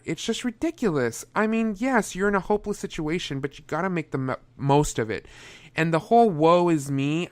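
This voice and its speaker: A man's voice: fairly high pitch, a bit bright, clean tone, dry recording. A young man reviewing a movie in a casual, sarcastic way, often breaking into exasperated outbursts.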